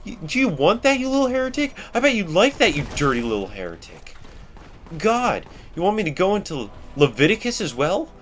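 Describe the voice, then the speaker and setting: A man's voice: high voice, huge pitch swings, a little fast, a little hiss or hum, pitched above the performer's own voice. A man voicing a fanatical male preacher who rants shrilly and mockingly at heretics during game commentary. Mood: ranting.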